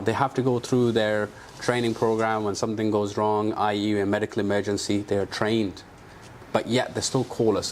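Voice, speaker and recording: A man with a fairly low voice tells a story in a relaxed interview. He acts out the lines of the people in it and fills gaps with "um" and "uh." Faint room noise hums in the background. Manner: animated anecdotes with quoted dialogue and fillers. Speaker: aesthetic doctor, clinic co-founder.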